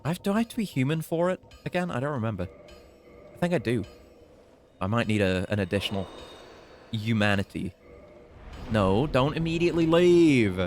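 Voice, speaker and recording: A man's voice: mid-range voice, fairly quick, long pauses, faint music behind. Chatty British man streaming a game. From Britain. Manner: chatty, swearing, mock-taunting enemies. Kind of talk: casual gameplay commentary.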